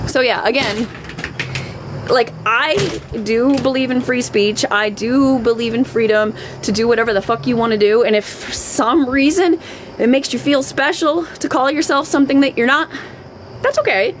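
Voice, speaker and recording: A woman's voice: on the high side, normal speed, a little hiss or hum, rough recording. A middle-aged woman ranting on a live stream, emphatic and repetitive, often swearing. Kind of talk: unscripted live-stream rant.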